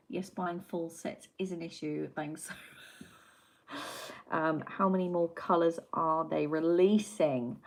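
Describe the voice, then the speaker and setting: A woman's voice: fairly low pitch, a little mellow, rough recording. A woman hosting a casual livestream, reading chat and rambling through stories with plenty of swearing. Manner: chatty and rambling, swears freely, tangents.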